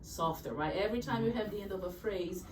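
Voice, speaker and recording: A woman's voice: mid-range voice, quick pace, noisy background. A woman piano teacher coaching a student through a piece, giving short cues and singing out rhythms as he plays. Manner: sings out rhythms over the playing. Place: music studio room. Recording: roomy, distant mic with loud piano.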